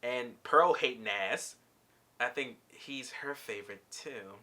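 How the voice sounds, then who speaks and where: A man vlogging a casual, slangy recap of a cartoon episode, telling the story with animated energy. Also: mid-range voice, slow pace, slight background noise.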